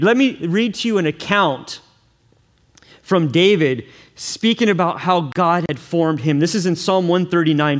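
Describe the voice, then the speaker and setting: A man's voice: fairly high pitch, measured pace. A man preaching a sermon as a pastor, earnest and repetitive, often putting questions to his congregation.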